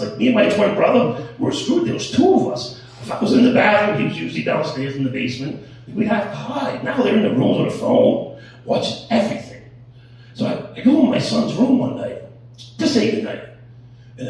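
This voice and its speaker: A middle-aged man doing a crude stand-up set, telling stories with animated delivery. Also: high voice, distant mic. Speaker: stand-up comedian. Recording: echoey room, heard from off-mic.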